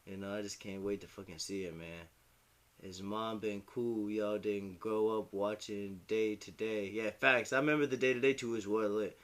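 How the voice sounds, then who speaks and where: A man's voice: on the low side, steady tone, moderate pace, fairly bright tone. A young man in casual chat as a streamer, rambling, heartfelt and profane. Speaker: hip-hop commentary streamer.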